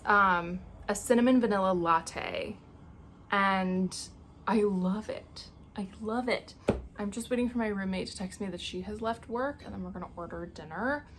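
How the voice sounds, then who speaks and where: Indoors in her apartment, a young woman with a mid-range voice vlogs casually and gushes with effusive exclamations. There's slight background noise.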